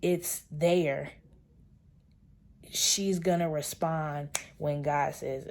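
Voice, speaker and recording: A young woman with a low, mellow voice talks straight to her camera in an easy, chatty vlog update. She is earnest and open, calls her audience y'all, and now and then drops to a soft whisper for an aside. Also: fairly even intonation, extremely slow, long pauses. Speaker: vlogger. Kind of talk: casual chat to camera.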